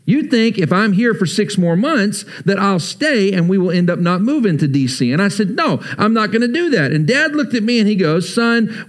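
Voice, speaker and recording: A pastor in his thirties, with a slightly high voice, preaches a sermon and addresses the congregation as if they were friends. He moves back and forth between loud exhortation and quiet, weighty passages.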